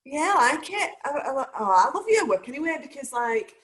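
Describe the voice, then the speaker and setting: A woman's voice: sits high, sing-song, a little fast, a bit bright. A woman hosting a talk show, chatting in a rambling, casual way full of "like" and "um". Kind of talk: casual chat.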